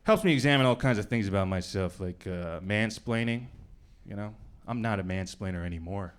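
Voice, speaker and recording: A male stand-up comedian from New York doing a club set in a conversational, deadpan style with bursts of acted voices. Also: on the low side, brisk. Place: comedy club stage before a live audience. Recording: live club recording with audience noise.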